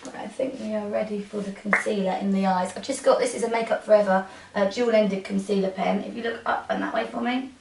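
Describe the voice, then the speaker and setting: A woman talks through a makeup tutorial, her voice a bit gravelly and soft as she coaxes her model. She sounds set back from the mic in a roomy space. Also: mid-range voice, steady tone, fairly quick, few pauses, a little hiss or hum. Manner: soft-spoken, coaxing instructions to a model. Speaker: makeup artist. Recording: roomy, from a distance.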